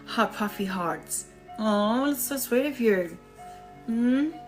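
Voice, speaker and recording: A tired woman hosting a casual live-stream chat, pausing often to rest her voice and thanking viewers. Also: on the high side, expressive, faint music behind, poor audio. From Australia. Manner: slow, breathy pauses, thanking viewers. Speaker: livestream host.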